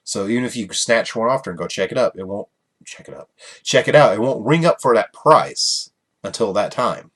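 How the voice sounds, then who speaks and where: A man's voice: fairly low pitch, expressive, fairly quick, fairly bright tone. A man hosting a casual solo podcast, rambling and chuckling through his stories with many fillers. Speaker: podcast host.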